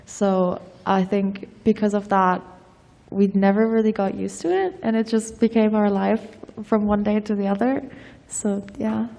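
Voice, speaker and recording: A woman's voice: mid-range voice, level tone, measured pace, gravelly, dark tone, big-room sound. A young woman on a convention panel, speaking thoughtfully and measuredly. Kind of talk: panel talk. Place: convention stage.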